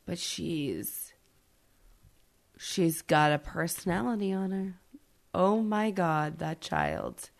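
A woman in her thirties co-hosting a podcast, chatting casually and bluntly with plenty of swearing, loud and emphatic when ranting. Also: fairly low pitch, sing-song, takes it slowly, vocal fry, long pauses. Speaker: podcast co-host. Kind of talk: casual chat.

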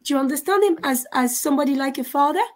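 A woman giving a live mediumship reading, halting and often stopping to check in with questions. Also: high voice. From France. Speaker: psychic medium.

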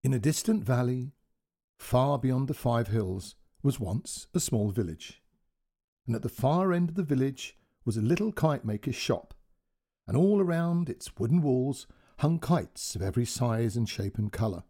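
A man narrating a gentle storybook tale in a soft, expressive way. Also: mid-range voice, moderate pace.

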